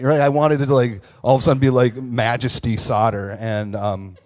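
A man's steady, slightly mellow voice, medium in pitch, moves at a moderate pace with few pauses. As a pastor preaching to a church and online viewers, he speaks conversationally and candidly, pokes fun at himself, and tells stories full of fillers and restarts.

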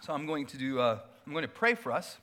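Male pastor, middle-aged, a bit high-voiced, loose and playful delivery from the pulpit. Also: fast. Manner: casual, animated preaching with playful asides. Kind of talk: sermon.

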